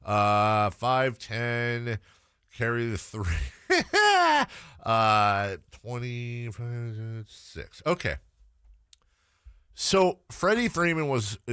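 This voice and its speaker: Male sports radio host, opinionated, lively pitch, dry close studio sound. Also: slow, clear, resonant tone, no room sound. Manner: animated, opinionated, thinking aloud.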